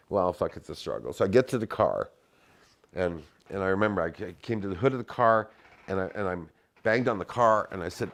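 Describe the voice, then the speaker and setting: A man telling a story in casual chat, animated and profane, acting out the shouted lines. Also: sits low, brisk.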